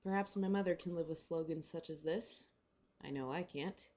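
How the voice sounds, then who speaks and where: Woman reading, wry and mellow. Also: low-pitched, moderate pace, muffled recording. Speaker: reader. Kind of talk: reading a short story aloud.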